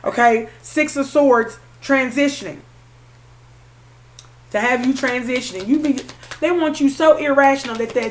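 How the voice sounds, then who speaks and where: A woman reads tarot cards for her audience, calling the listener honey and circling back to repeat her phrases. Her voice is a little high, and there's a slight hiss or hum on the recording.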